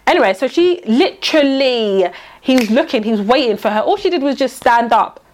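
Fast-talking young woman telling a story. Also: high-pitched, a little hiss or hum. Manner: animated storyteller, acts out quoted lines, British slang. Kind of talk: casual storytelling chat.

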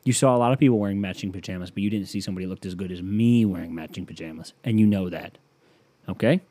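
Male podcast comic, sarcastic and profane, dark tone, dry mic. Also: on the low side, racing, no echo. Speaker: podcast host. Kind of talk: comedic monologue.

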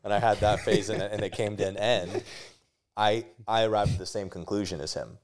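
Deep-voiced young man telling a candid story. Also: fairly even intonation, fairly quick, slight background noise. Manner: candid, swears freely, many restarts. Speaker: podcast guest. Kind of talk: casual storytelling.

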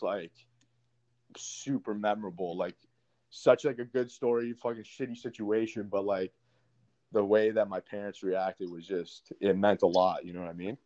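A man's voice: lowish voice, darkish tone, no room sound. A young man, a podcast guest, telling a story casually with lots of swearing and fillers. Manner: profane, many fillers. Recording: dry, slightly dull sound.

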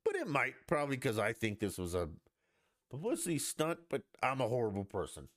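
A man's voice: mid-range voice, wildly swooping pitch, a little fast, fairly bright tone, no echo. Guy ranting on his podcast, swears a lot, mocking tone, voice jumps all over, dry mic. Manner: blunt, profane, mocking. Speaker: podcast host. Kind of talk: casual ranting monologue.

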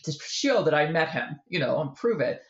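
Animated woman telling a story, roomy sound. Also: low voice, moderate pace, lo-fi sound. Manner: animated storyteller, acts out quoted voices. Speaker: author guest. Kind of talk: casual interview chat.

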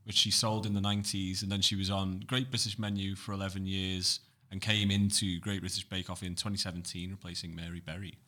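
Male producer chiming in with facts, plain matter-of-fact delivery, somewhat low. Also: level tone, brisk, few pauses, pushed and bright. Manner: matter-of-fact, reads from searches. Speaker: podcast producer. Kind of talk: reading out facts.

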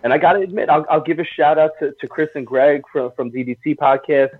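A man's voice: on the high side, fast, dry recording. Frank stammering man on a tinny line. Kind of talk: casual podcast chat. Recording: tinny phone-like line, dry.

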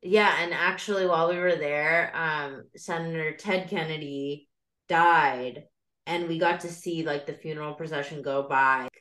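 A woman's voice: deep voice, moderate pace, fairly bright tone, roomy sound. A woman co-hosting a podcast, chatting in a gushing, giggly way. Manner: giggly, gushing, breaks into impressions. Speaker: podcast co-host. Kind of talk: casual chat.

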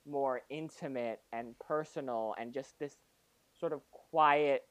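A man co-hosting a podcast, recapping episodes in casual review chat with animated energy and lots of fillers. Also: medium pitch, slow pace, no room sound. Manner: animated recapping, often laughing, many fillers. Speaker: podcast co-host.

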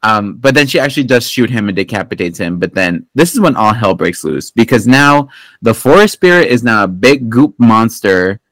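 A man's voice: fairly low pitch, lively intonation, moderate pace, fairly bright tone, dry recording, rough recording. A man hosting a podcast, recapping a film in a casual, rambling and profane way, full of fillers and restarts. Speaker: podcast host. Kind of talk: casual movie recap chat.

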